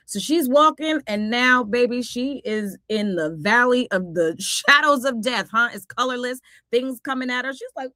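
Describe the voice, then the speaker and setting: A woman's voice: a little high, animated, normal speed, fairly bright tone, no echo, clean studio sound. A woman hosting a casual cartoon recap vlog, talking in a sassy, exclamatory way full of playful asides. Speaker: host.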